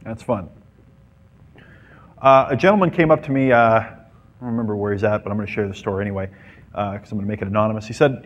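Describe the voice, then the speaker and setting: A dating coach with a fairly low voice talks fast to a live group, and the audio sounds dull. His advice is playful, and he mimics women and acts out little scenes as he goes.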